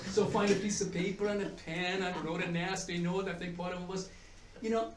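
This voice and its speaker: A man's voice: high-pitched, steady tone, moderate pace, hardly any pauses, distant mic, noisy background. Man lecturing in an echoey hall. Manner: chatty, repeats and restarts words, tells jokes. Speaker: economics professor giving a talk. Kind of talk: conference presentation. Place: conference room with audience. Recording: echoey room, mic from afar.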